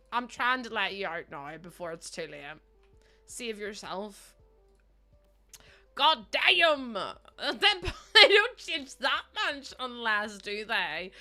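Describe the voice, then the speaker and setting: A woman's voice: a little high, bright, forceful tone. A woman around thirty chatting casually with her viewers while she streams a game, laughing often and answering their messages. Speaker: livestreamer.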